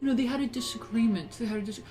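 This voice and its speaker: A woman's voice: fairly high pitch, racing, warm tone, faint music behind, voice pushed up, lightly acted. A woman mimicking a flustered, apologetic neighbor mother who keeps making whiny excuses.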